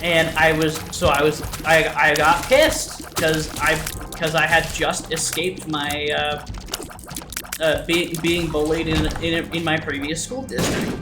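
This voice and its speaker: A man's voice: fairly high pitch, flat delivery, unhurried. A young man casually telling a story over gameplay, rambling and swearing with many restarts and fillers. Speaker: let's play host. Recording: roomy sound with game music behind. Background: game music.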